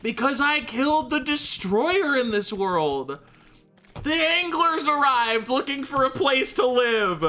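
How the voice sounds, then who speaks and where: A speedrunner giving live gameplay commentary, excitable and exasperated, talking to themself and the chat. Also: sits high, slow, over music. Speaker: speedrunner streaming a game.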